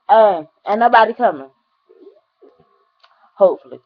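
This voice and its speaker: A woman's voice: mid-range voice, sing-song, unhurried, long pauses, muffled recording. A young woman talking to her camera at home in a casual, earnest vlog, near tears, calling her viewers "y'all". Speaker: vlogger.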